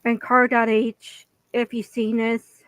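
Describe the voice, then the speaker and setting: A woman speaking in a halting, hesitant way with many restarts, making an apology video. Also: fairly high pitch, little pitch movement, dry recording, low-quality recording. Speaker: vlogger.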